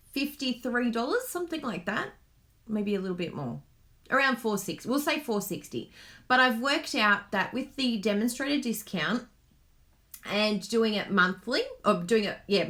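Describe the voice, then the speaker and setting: A woman's voice: mid-range voice, fairly bright tone. Bubbly Australian woman, chatty. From Queensland, Australia. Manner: bubbly, laughs often, chatty. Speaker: craft demonstrator host. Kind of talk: casual live chat.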